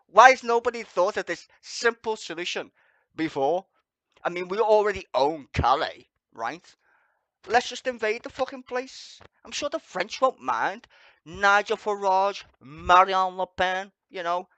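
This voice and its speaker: A man's voice: sits high, animated, measured pace, pushed and bright, no echo. A man hosting a livestream, ranting sarcastically with constant swearing and laughing at his own jokes. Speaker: livestream host. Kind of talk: profane sarcastic ranting commentary.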